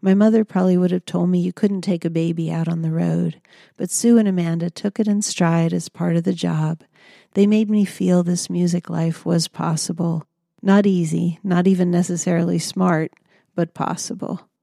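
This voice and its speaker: A woman reading her own memoir aloud in a calm, measured storytelling manner. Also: fairly low pitch, creaky, dry recording, clean studio sound. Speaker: memoir narrator. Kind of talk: audiobook memoir narration.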